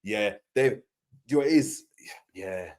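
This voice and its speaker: A young man co-hosting a casual football chat, slangy and animated, often acting out players' voices. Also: lowish voice, slow. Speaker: football podcast co-host.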